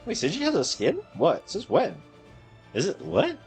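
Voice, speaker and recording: Excitable young man chanting over gameplay. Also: sits high, creaky. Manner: excitable, chants words rapidly over and over, swears freely. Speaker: game streamer. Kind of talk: casual live gameplay commentary. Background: faint game music.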